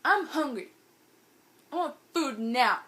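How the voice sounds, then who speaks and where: A woman voicing a drunk, stubborn young woman who loudly and childishly insists on getting her way. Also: fairly even intonation, fairly quick, lightly acted. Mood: demanding. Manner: loud, high-pitched, childish insistence.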